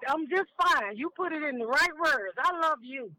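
A woman comedian in her fifties, a guest on a phone interview, talking frankly and down to earth in animated stories. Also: high voice, normal speed. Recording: tinny phone line.

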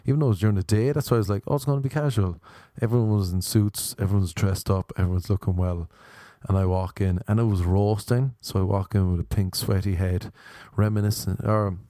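A man's voice: fairly low pitch, fairly even intonation, fairly quick, hardly any pauses, warm tone, dry recording, studio quality. An Irish man hosting a podcast, telling rambling, self-deprecating stories in a casual, comedic way. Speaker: podcast host.

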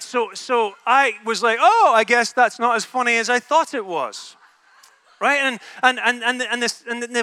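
A man's voice: sits high, pushed and bright, smooth, no echo. A Scottish man preaching a sermon to a room, humorous and conversational, often asking "right?". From Scotland. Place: in a room with an audience.

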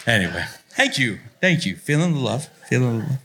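A man in his late thirties, a pastor giving a playful, loud, joking talk to a youth retreat crowd. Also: mid-range voice, sing-song, brisk. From Italian-American. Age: 30s. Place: retreat hall before a live audience.

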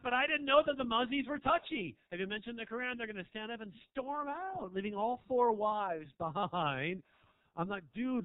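This man's voice is a little high, captured dry with narrow, tinny audio through a handheld stage mic. He's a stand-up comedian doing crowd work in a small club, rambling provocatively and poking fun at the audience.

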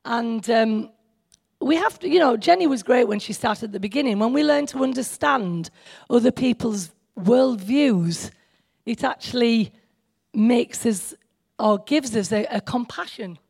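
Woman, informal sermon, joking and self-deprecating, fairly high voice, gravelly. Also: expressive, unhurried, darkish tone. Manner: chatty, joking, self-deprecating, speaks to the audience directly. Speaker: speaker at a church meeting.

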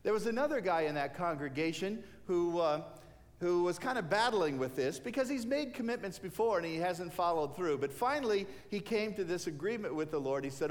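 Male preacher, lively storyteller, slightly high voice, hall reverb. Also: a little fast. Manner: animated storyteller acting out characters' lines. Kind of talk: sermon storytelling.

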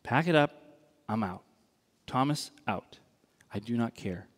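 A man voicing a fed-up, disappointed male disciple who is quitting, in a flat, sullen, quiet way. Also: mid-range voice, a little slow, slightly rough, voice pushed down. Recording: long reverb in a large hall.

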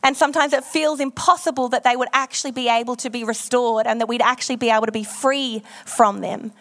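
A woman's voice: fairly high pitch, steady tone, a little fast, a bit bright. A woman pastor preaching a sermon, telling frank, self-deprecating stories in a loose, conversational way with plenty of ums and likes.

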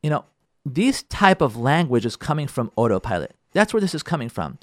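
A man's voice: mid-range voice, brisk, no room sound, studio quality. A middle-aged man, a rabbi and marriage counselor, giving a lecture on marriage. He talks to his listeners directly, with emphasis and repetition, and acts out the quarrels of husbands and wives. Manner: lively, acts out spouses' quarrels in dialogue.

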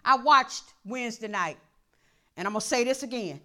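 A woman pastor preaching a sermon in a church, impassioned and repetitive, dropping to a hush and then rising to shouts. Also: fairly high pitch, animated, normal speed. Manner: impassioned, repeats phrases, swings from hushed to shouting.

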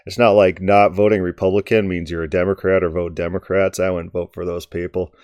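A man giving combative political commentary in an emphatic, forceful way. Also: low-pitched, little pitch movement, a little fast, no room sound.

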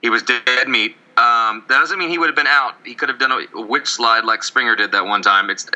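A man's voice: medium pitch, brisk, bright, forceful tone, highs cut off. A man co-hosting a casual baseball podcast, rambling and joking with frequent stammered restarts. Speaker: podcast co-host. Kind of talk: casual sports chat.

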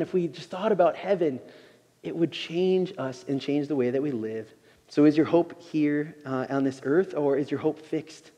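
A man preaching a sermon in an unhurried, conversational way, often saying "you know". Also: on the high side, warm tone, big-room sound.

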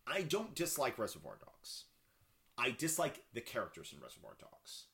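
A man co-hosting a casual podcast chat about films, talking in halting bursts full of fillers and restarts. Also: mid-range voice, huge pitch swings, pushed and bright. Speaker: podcast co-host. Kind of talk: casual film discussion.

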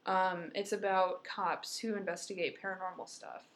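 A woman's voice: on the low side, level tone, moderate pace. A woman co-hosting a podcast, chatting casually, laughing often as she tells stories. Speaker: podcast co-host. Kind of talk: casual chat.

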